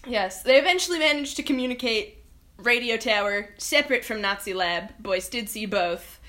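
Brief: high, bright-voiced woman podcast co-host, wry, breezy film recap. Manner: wry, quotes characters in quick voices. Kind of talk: casual chat.

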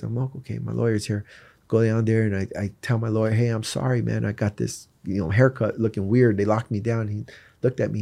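A man's voice: medium pitch, mellow. A man telling his personal faith story as a guest in an earnest, candid way. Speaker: guest sharing his testimony. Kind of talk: personal faith testimony in conversation.

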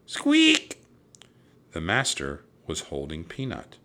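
A man narrating a children's storybook aloud in a steady, even storytelling voice. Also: low voice, measured pace.

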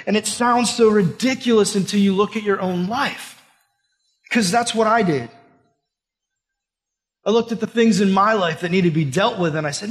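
A man's voice: sits high, moderate pace, long pauses. A young adult man giving a casual, conversational sermon full of rhetorical questions. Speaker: pastor. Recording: long hall reverb.

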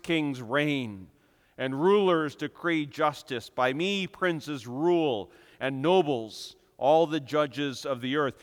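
A man preaching a sermon with emphatic delivery, building to loud, impassioned peaks. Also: a little high, smooth. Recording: long reverb of a hall.

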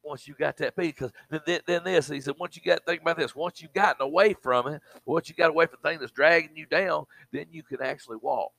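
A man preaches with a gravelly, slightly high voice, pressing his points with repeated words and frequent amens. The recording is dry, with little room sound. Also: quick pace, few pauses, a bit bright, dry recording, rough recording. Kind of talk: sermon.

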